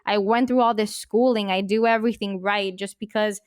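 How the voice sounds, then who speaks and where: A woman journalist co-hosting a podcast, talking in passionate rushes with many fillers. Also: medium pitch, fairly even intonation, clear, resonant tone, no echo, studio quality. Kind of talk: casual chat. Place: recorded podcast studio.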